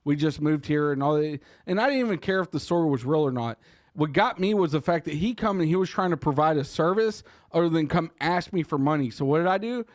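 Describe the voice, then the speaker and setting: A man chats on a podcast, telling long profane stories and laughing often. His voice sits a little high and sounds dry and close to the mic. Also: animated, fast, no room sound. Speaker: podcast co-host. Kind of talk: casual chat.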